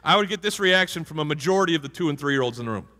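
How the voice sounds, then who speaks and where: A man's voice: fairly high pitch, lively intonation, rapid-fire, pushed and bright. A male pastor giving a conversational sermon and asking the congregation questions. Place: church sanctuary. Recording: hall reverb from a church.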